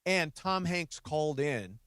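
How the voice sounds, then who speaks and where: A man's voice: a little high, expressive, takes it slowly, fairly bright tone, clear, resonant tone, dry recording, studio quality. An older man co-hosting a sports radio show, chatty, wry and full of opinions. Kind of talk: casual sports radio chat. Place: radio studio.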